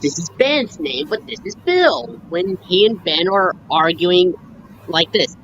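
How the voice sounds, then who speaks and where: Slow, halting woman on a call. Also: on the low side, expressive, muffled recording, slight background noise. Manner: halting, with fillers. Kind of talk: casual chat.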